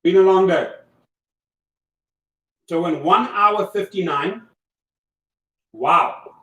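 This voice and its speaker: His voice sits high, pushed and bright, and he takes it slowly, with a lo-fi sound. He's a livestream host with a South African accent and German as his first language, coaching emphatically and repetitively in an echoey room, distant from the mic, with faint noise.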